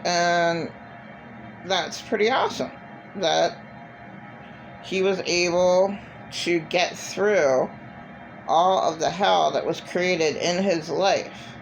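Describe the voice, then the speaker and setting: A woman's voice: fairly low pitch, creaky, muffled recording, a little hiss or hum. A middle-aged woman vlogging in a blunt, profane, repetitive rant. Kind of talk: casual monologue.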